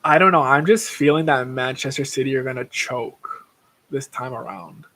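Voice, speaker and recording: A man's voice: mid-range voice, normal speed, sharp tone. Rambling young man chatting on a livestream. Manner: rambling, swears freely, goes off on tangents. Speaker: livestream host. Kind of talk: casual livestream chat.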